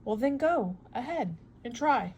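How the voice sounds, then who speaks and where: A woman doing a calm commanding captain. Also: a little high, unhurried, husky, full character voice. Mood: measured.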